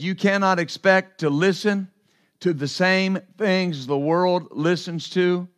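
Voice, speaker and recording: A man with a notably high voice preaches a sermon as pastor. He drives points home with repetition and asks his listeners to respond. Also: a bit bright. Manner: repetitive, emphatic preaching with call-and-response asides.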